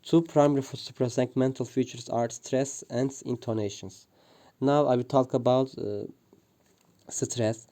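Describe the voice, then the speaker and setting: A man reads a prepared linguistics presentation, pausing often with "uh" and restarting words. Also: mid-range voice, steady tone, dark tone. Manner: hesitant, frequent "uh" fillers and restarts. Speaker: student presenter.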